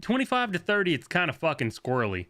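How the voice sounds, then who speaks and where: A young man streaming a shooter game, talking fast and loose as he plays, swearing, laughing and answering chat. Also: on the high side, wildly swooping pitch, bright, forceful tone. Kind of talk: live gameplay commentary.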